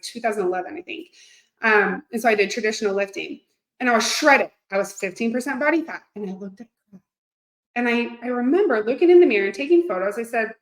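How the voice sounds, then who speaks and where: Woman, 30s, fitness coach, excitable, chatty, slightly high pitch, echoey room. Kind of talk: live-streamed coaching talk.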